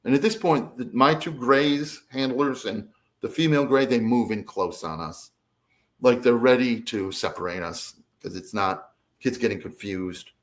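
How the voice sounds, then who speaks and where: A man telling a personal story as an interview guest, expressive and acting out the other voices. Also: medium pitch, moderate pace. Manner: expressive, lively, acts out quotes. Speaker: guest, abductee. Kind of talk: animated storytelling.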